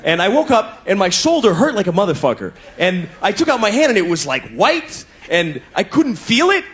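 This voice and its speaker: Animated man doing stand-up over a laughing crowd. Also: high voice, normal speed. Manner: animated storytelling, acts out other voices in bursts; profane, conversational asides. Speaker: stand-up comedian. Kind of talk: stand-up comedy set. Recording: live club with audience laughter. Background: audience laughter.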